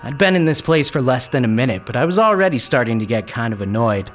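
Male storyteller, first-person, animated and wry, mid pitch. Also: fast, slight background noise. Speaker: narrator.

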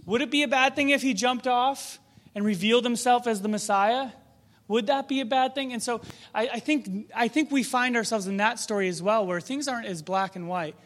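A man with a notably high speaking voice delivers a sermon. He talks conversationally and reflectively, leaning on rhetorical questions as he teaches. His tone stays relaxed and personal, as if speaking directly to the people in front of him. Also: normal speed. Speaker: preacher.

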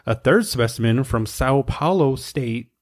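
A man co-hosting a podcast, reading research aloud in a steady way with wry asides. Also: medium pitch, a little slow. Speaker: podcast co-host.

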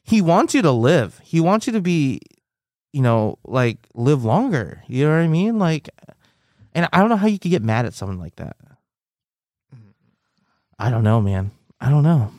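A young man chatting on a podcast, his voice a bit higher than most men's and swinging widely in pitch. He laughs often and talks loosely, full of "dude" and "like". The sound is dry and close. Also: moderate pace, long pauses, dry recording. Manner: animated, laughs often, says dude and like a lot. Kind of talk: casual chat.

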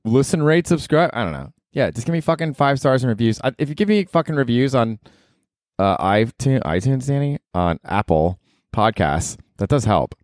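A man, a comedian hosting his own podcast, rambling in a casual, profane and self-mocking monologue with sudden excited emphasis. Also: mid-range voice, normal speed, dry recording, clean studio sound.

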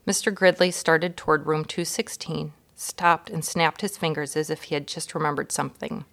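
A woman guest reader narrating a children's storybook chapter in a calm, measured, expressive way. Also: low-pitched, gravelly.

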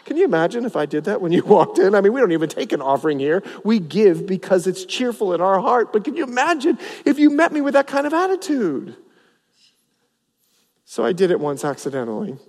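Animated high-voiced preacher in a reverberant hall. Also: male voice, brisk. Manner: animated, acts out the people he preaches about, voice rising and dropping. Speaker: pastor. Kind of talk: sermon. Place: church sanctuary.

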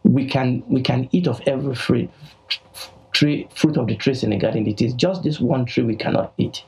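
A man voicing Eve as a woman insisting to the serpent, rushed and emphatic. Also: medium pitch, a little mellow, natural voice, poor audio. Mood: insistent. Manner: hurried, insistent retelling.

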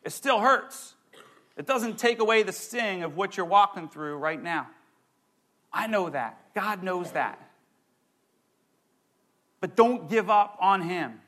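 A young man preaching a sermon, excitable and animated, with playful asides. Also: sits high, takes it slowly, long pauses. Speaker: pastor.

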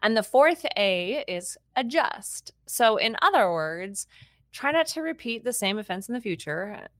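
A woman of middle pitch hosts a parenting podcast and lays out each step clearly. She sounds encouraging and instructive. The sound is dry and close-miked. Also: sing-song, a little slow, dry recording. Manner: encouraging, explains steps clearly. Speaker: parenting podcast host and educator.

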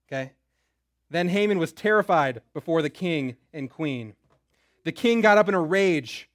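A man's voice: fairly high pitch, expressive, moderate pace, dry recording, clean studio sound. A young man teaching a Bible story in a casual style who keeps checking in with "right?". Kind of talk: lively Bible lesson.

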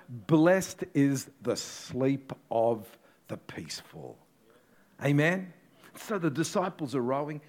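A man preaching a sermon as a pastor, telling the story dramatically and swinging from loud to hushed. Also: medium pitch.

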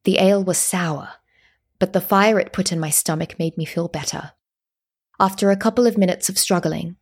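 A woman reads a first-person story in a calm, measured way. Her voice is breathy and slightly husky, sitting at an ordinary pitch. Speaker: narrator.

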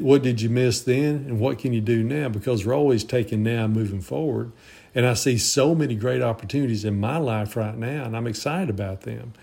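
An older man in his sixties speaks in a gravelly, dark-toned voice. He talks in an earnest, reflective way, rambling and restarting his sentences as he goes. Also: medium pitch. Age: 60s. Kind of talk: reflective monologue.

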